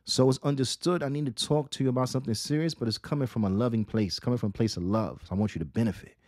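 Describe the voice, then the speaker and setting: A man giving a religious lesson, asking rhetorical questions, repeating key phrases and reading Arabic quotations quickly. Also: medium pitch, a little mellow, dry recording, studio quality. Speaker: Islamic teacher.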